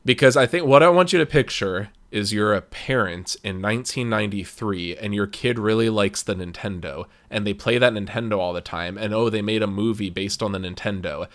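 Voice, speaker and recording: A man's voice: a little fast, few pauses. A man co-hosting a casual movie podcast, talking expressively and drifting into tangents. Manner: expressive, swoops up high for emphasis, drifts into tangents. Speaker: podcast co-host. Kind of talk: casual movie-review chat.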